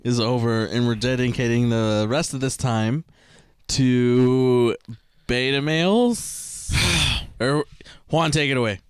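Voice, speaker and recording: A man's voice: medium pitch, slow pace, clear, resonant tone, dry recording, clean studio sound. A man co-hosting a podcast in casual chat, laughing a lot and prodding his friend with questions. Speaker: podcast co-host.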